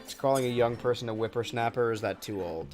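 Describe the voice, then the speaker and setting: A man's voice: mid-range voice, fast, over music. A man streaming a video game from a room at home, chatting casually in a rambling, jokey way. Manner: rambling, goofy, jokey asides. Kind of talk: casual live-stream gameplay commentary. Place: home room with a low ceiling and bright ceiling lights.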